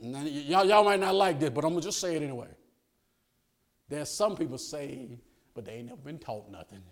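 A male pastor preaching a folksy sermon. He swings from hushed asides to shouted lines, asks for amens and laughs along with the congregation. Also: on the high side, lively intonation, a little fast.

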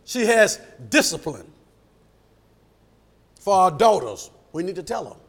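A middle-aged man preaches in a high voice. His pitch leaps and swings widely as he builds toward shouted peaks. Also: unhurried, gravelly. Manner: animated, shouts at peaks and acts out quoted voices. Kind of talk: sermon.

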